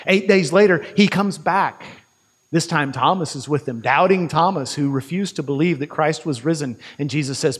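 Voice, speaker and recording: A male preacher retelling a story in a sermon, vivid and conversational, with quick restarts. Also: a little high, husky, long reverb tail.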